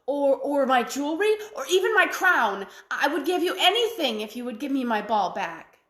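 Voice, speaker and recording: A woman's voice: sits high, big pitch swings, normal speed, a bit bright, echoey room. A woman voicing a young spoiled princess in a fairy tale, talking in a breathless, pleading way. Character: a young spoiled princess, tearful then eager.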